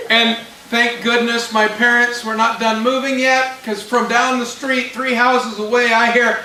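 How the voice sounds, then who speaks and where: A pastor telling a personal story in a sermon, acting out the voices of the people in it. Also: male voice, extremely high pitch, unhurried, few pauses. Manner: animated storyteller acting out quotes. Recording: echoey room, mic at a distance, faint hiss.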